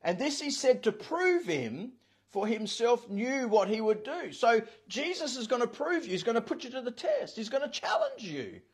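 A man preaching as a pastor, his voice sitting high and slightly husky. He drives home his points by repeating key phrases and acting out the voices in his stories. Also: huge pitch swings, moderate pace. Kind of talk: sermon.

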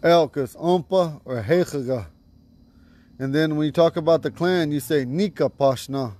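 A man teaching vocabulary to a class outdoors at home, patiently repeating each word slowly. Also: fairly high pitch, dark tone. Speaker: language teacher.

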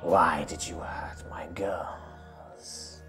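A man voicing an old, menacing female spirit in a slow, hoarse, whispered role-play. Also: extremely low pitch, steady tone, over music, voice pushed down, heavily acted. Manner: slow, ominous, drawn-out.

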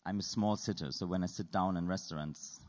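A man with a fairly low voice leads an interactive lecture, quizzing the audience with dry, playful questions. His voice rings with the long reverb of a lecture hall. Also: fairly quick, darkish tone. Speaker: artist giving a lecture. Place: lecture hall at an art school.

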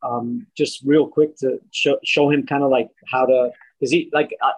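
A man's voice: medium pitch, fairly even intonation, moderate pace, a little mellow. A man joining a trading class on a video call, speaking hesitantly with many ums. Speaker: class participant. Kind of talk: casual chat on a video call. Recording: dull, lo-fi call audio.

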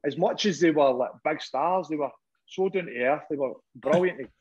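A Scottish man, a former goalkeeper and podcast guest, telling lively stories in a casual chat, laughing often and swearing freely. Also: a little high, moderate pace, breathy edge, dull audio. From Scotland. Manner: laughs often, animated anecdote telling with lots of "right?" and swearing.

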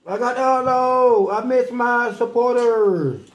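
A man's voice: extremely high pitch, unhurried, dull audio. A man co-hosting a casual home mukbang, joking around, laughing and mimicking voices. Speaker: co-host. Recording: echoey room with light noise.

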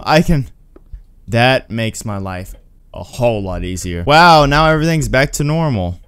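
A man's voice: mid-range voice, animated, measured pace, a little hiss or hum. Jumpy young man screaming through a horror game. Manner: jumpy, screams and mutters nervously. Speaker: gaming YouTuber. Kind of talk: horror game let's play commentary.

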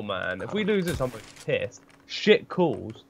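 A man chatting with teammates during a match over a headset, swearing and laughing through quick callouts. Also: mid-range voice, big pitch swings, creaky, faint music behind. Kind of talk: gameplay voice chat.

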